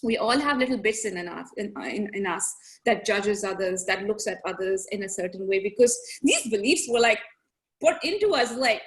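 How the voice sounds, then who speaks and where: A young adult woman, a podcast guest, telling stories in a casual, animated way and laughing often. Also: medium pitch, normal speed. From grew up in several countries. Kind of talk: casual storytelling chat.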